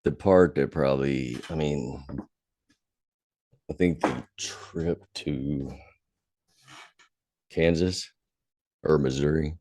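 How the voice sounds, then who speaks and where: A podcast host with a rumbling low voice tells a story casually and slowly, with long pauses and lots of swearing. He's profane and grows heated and animated as he recalls old anger. The sound is clean studio audio with no echo.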